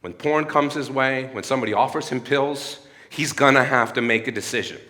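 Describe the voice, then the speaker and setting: A man's voice: mid-range voice, a little fast, bright, forceful tone, long reverb tail. A man in his thirties giving an earnest sermon-like talk at a church. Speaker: speaker at a church. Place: church hall.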